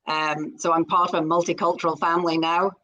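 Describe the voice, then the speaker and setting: A middle-aged woman from Scotland with a Scottish accent, a guest chatting casually and pausing often with ums. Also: on the low side, flat delivery, sharp tone, highs cut off. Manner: hesitant, many ums. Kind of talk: casual interview chat.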